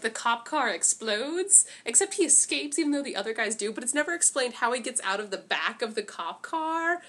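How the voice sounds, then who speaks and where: A woman's voice: on the high side, a bit bright, slightly rough. A young woman vlogger ranting about a movie in casual, rambling, sarcastic chat into a camera mic.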